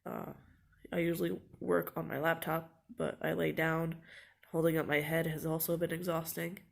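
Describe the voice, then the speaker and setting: Young woman, congested and worn out, husky fry, halting and sighing, talking to her phone at home. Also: deep voice, level tone. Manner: halting, sighing, soft and shaky. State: congested, tired and anxious. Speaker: vlogger. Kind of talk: casual vlog talk. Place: indoors at home, lying down. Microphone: phone camera held close.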